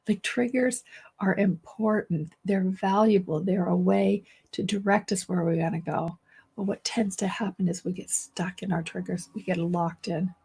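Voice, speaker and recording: Hoarse woman losing her voice. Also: medium pitch. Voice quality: gravelly, husky. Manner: warm-hearted, reassuring, thinks aloud with restarts. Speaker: therapist and teacher. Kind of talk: casual solo video talk.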